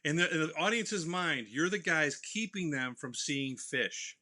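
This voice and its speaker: Male podcast host with a very bright voice. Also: a little high, lively intonation, a little slow. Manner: jokey, riffs on guest's stories. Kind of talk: casual interview chat.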